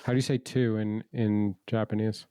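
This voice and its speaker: A man's voice: lowish voice, level tone, moderate pace, mellow, smooth, no room sound. A man co-hosting a podcast, chatting casually with playful, goofy, teasing humor. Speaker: podcast co-host. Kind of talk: casual chat.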